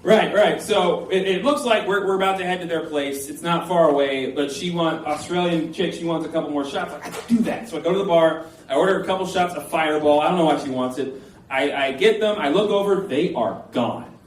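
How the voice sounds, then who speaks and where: A man's voice: on the high side, brisk. Man in his late 20s, rambling self-mocking comic storyteller on a live stage, slightly raised voice, echoey room, heard from a distance. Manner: loose, rambling and self-mocking, with many filler words. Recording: echoey room, voice from a distance, faint background noise.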